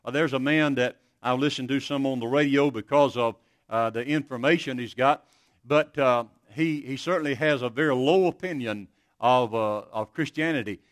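A man's voice: mid-range voice, normal speed, no room sound. Earnest male preacher, dry sound. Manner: earnest, storytelling with many restarts. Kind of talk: sermon.

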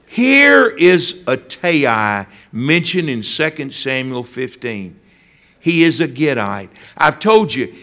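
Man preaching, talks slow, voice swoops up and down a lot, tells stories and calls folks by name. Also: on the high side, a bit bright. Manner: storytelling, addressing listeners by name. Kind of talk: sermon.

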